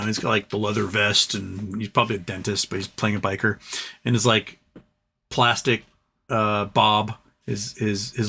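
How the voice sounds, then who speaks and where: A man with a lowish voice and a sharp tone hosts a live show. He tells stories casually, rambling and swearing, and repeats phrases for effect.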